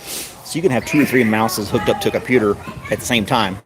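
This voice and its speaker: A middle-aged man casually telling a rambling story, often chuckling and mimicking others in a high voice. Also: a little fast. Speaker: streamer. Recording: noisy background.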